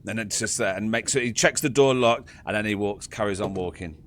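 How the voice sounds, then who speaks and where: A man's voice: fairly low pitch, a little fast, a little hiss or hum. A man narrating as game master in a casual, joking manner. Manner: casual, laughing, swearing narration.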